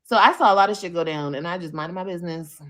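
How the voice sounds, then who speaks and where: A woman from California, hosting a livestream podcast and telling a story in a casual, animated, profane way. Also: on the low side, fast. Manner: animated, profane, switches voices when quoting others. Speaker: podcast host.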